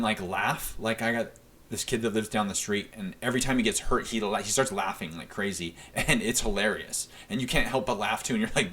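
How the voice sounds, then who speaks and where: A man's voice: lowish voice, normal speed, a bit bright, husky. A man hosting a solo podcast, talking earnestly in a coaching tone, often tagging his points with "right?" and repeating phrases for emphasis. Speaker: podcast host.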